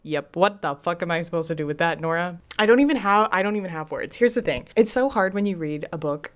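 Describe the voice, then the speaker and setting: A young woman vlogging her live reaction to a book late at night. She is keyed up and excitable, swears freely, and drops between loud exclamations and hushed whispers. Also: fairly low pitch, quick pace.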